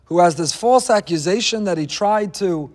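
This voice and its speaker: High-voiced man teaching with wry jokes. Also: animated, moderate pace, darkish tone, long reverb tail. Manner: wry asides, joking. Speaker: Torah teacher. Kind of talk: weekly Torah class.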